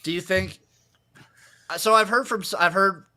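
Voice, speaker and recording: A man's voice: high-pitched, normal speed, pushed and bright. A man co-hosting a podcast in loose casual chat, joking and asking his partner questions. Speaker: podcast co-host.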